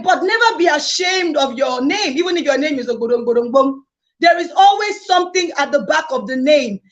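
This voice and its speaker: A woman's voice: sits high, a bit bright. A woman hosting a live-streamed conference with exuberant energy, hyping the crowd and repeating phrases. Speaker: conference host. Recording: dull lo-fi sound.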